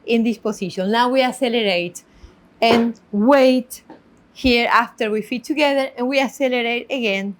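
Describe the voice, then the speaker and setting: High-voiced woman teaching a dance class. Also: slight background noise. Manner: counts steps aloud slowly; gives careful instructive warnings. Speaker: tango teacher. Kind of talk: dance lesson instruction.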